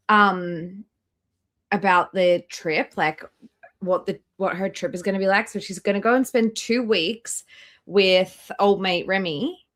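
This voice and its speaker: A woman's voice: medium pitch, a little slow, a bit bright. Blunt Australian woman hosting a livestream. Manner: blunt, greets chat members between remarks. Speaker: livestream host. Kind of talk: reaction livestream commentary.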